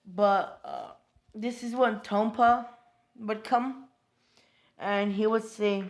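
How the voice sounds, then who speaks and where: Slow, hesitant woman making up a story. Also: mid-range voice, steady tone. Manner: hesitant, many fillers and restarts. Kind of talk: improvised fan-fiction storytelling.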